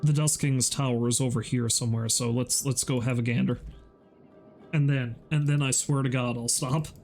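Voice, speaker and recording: A man's voice: mid-range voice, fairly even intonation, normal speed, darkish tone, soft background music. A man streaming a video game, chatting casually and profanely, with a self-mocking manner. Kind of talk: casual gameplay commentary.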